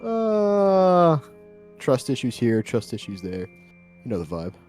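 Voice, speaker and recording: A man's voice: mid-range voice, wildly swooping pitch, slow pace, a little mellow, soft background music. A man chatting during a tabletop game, laid-back and matter-of-fact. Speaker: player. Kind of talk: casual chat.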